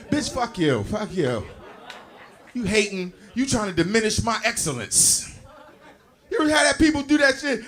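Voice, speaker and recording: A man in his forties doing a stand-up comedy set, animated and profane, playing off the crowd. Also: sits high, normal speed. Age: 40s. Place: comedy club stage.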